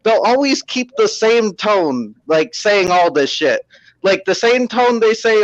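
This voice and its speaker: A man's voice: sits high, sing-song, a little slow, fairly bright tone, no echo, muffled recording. A man in casual stream chat, talking animatedly and swearing, mimicking the way newsreaders speak.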